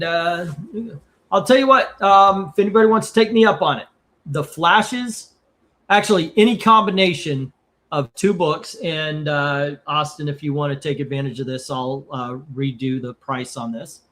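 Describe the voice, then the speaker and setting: Chatty male auction host, slightly high voice, eager salesman patter. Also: normal speed. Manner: chatty, excitable, pitching deals. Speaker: comic book auction host. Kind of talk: casual live-stream selling chat.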